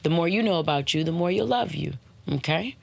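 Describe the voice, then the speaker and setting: A woman's voice: on the low side, lively intonation, a little fast, gravelly, no room sound. A woman hosting a podcast, giving casual motivational talk and slipping into playful voices for examples. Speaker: podcast host.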